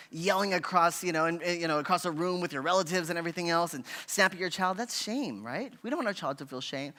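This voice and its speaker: A man's voice: a little high, sharp tone. A man giving a parenting workshop in a conversational teaching style, often checking in with "right?" and briefly acting out frustrated parents. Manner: conversational, constantly asking "right?"; acts out frustrated parents in a raised voice. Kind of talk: parent education talk. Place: church hall.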